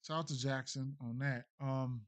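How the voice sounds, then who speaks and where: A man's voice: medium pitch, fairly even intonation, normal speed. A man streaming sports betting picks, thinking aloud in a casual, mumbling way with many fillers and restarts. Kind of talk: casual live-stream commentary.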